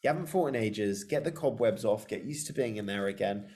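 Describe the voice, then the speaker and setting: Low-voiced podcast co-host steering the chat. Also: male voice, a little fast. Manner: steady, steers the talk, casual slang. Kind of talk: casual chat.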